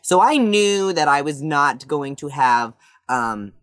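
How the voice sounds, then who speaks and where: A man answering interview questions casually, sassy and animated, laughing easily. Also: fairly high pitch, slow pace, no echo, clean studio sound. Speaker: reality show contestant.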